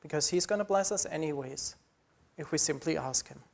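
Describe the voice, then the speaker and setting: A man's voice: on the high side, fairly quick, gravelly. A man preaching a sermon as pastor, earnest and pleading, building through repeated phrases.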